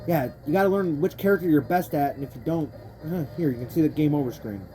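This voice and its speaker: A woman's voice: sits low, fast, dark tone. A young woman commenting on a racing game she is playing, ranting with lots of profanity, frustrated and rambling, often breaking off mid-sentence. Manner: frustrated, rambling self-interrupting talk. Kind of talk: let's play commentary. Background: faint game music.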